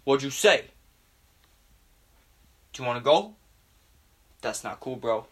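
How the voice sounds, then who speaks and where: A man's voice: medium pitch, animated, slow, breathy edge. A man mimicking a defensive, boastful young tough guy who makes empty threats. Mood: blustering. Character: blustering young male tough-guy bro.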